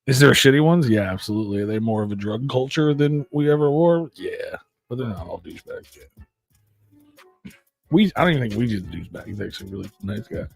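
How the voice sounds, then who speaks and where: A man with a gravelly, creaky voice trades blunt jokes and opinions on a live talk show. His pitch sits mid-range, with faint music in the background. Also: animated, fast talker. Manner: blunt, joking interjections. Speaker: podcast co-host. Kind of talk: casual banter.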